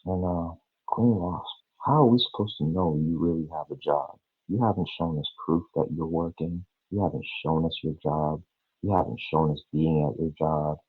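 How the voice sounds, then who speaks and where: A man's voice: rumbling low, steady tone, moderate pace, breathy edge, no room sound. A man on a livestream, ranting in a sarcastic, mocking and profane way. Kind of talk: livestream rant. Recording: tinny phone-like, dry.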